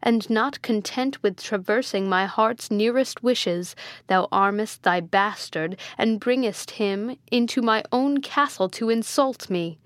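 A woman's voice: fairly high pitch, unhurried, no room sound, clean studio sound, lightly acted. Woman voicing a frantic guilt-stricken prince. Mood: angry. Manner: exclaiming, frantic questions.

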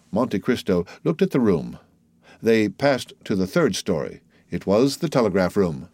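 Man narrating an audiobook, lively intonation. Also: fairly low pitch, unhurried, dry recording. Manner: steady, storytelling delivery. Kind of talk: scripted narration.

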